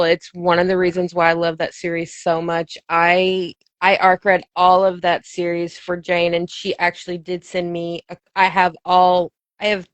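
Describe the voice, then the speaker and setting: A woman's voice: on the low side, no room sound. A woman podcast host and book reviewer chatting with a guest, enthusiastic and full of fillers. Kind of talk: casual interview chat.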